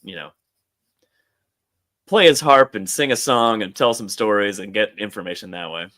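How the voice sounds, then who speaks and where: A man's voice: on the low side, moderate pace, fairly bright tone. A man co-hosting a podcast in casual chat, crude and joking, acting out characters in voices as he retells scenes. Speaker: podcast co-host.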